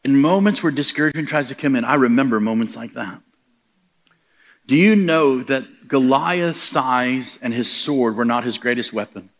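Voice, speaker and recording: A man's voice: medium pitch, normal speed. A middle-aged man preaching a sermon, telling stories and acting out the voices he quotes, building to emphatic punchlines.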